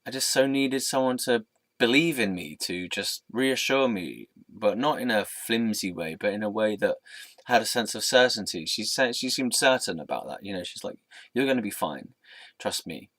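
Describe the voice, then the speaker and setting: A young man telling a personal story in an earnest, reflective, soft-spoken way. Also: fairly low pitch, normal speed, no echo. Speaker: vlogger.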